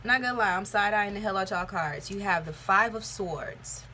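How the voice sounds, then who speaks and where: A woman's voice: mid-range voice, moderate pace, pushed and bright, slight background noise. A young woman giving a casual tarot reading, talking candidly and rambling, with plenty of swearing. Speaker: tarot reader.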